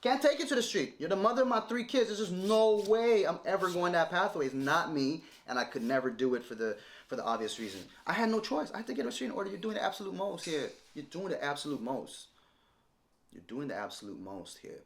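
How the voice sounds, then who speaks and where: Animated man ranting straight to camera. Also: sits high, quick pace, few pauses. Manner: confrontational, repetitive, lecturing. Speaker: vlogger responding to an ex-partner. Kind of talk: direct-to-camera rant.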